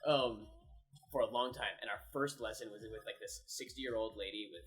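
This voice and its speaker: A man's voice: fairly low pitch, steady tone, moderate pace, fairly bright tone, poor audio. Rambling young man telling a story. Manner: rambling storyteller, lots of "like" fillers. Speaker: co-host. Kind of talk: casual gaming chat.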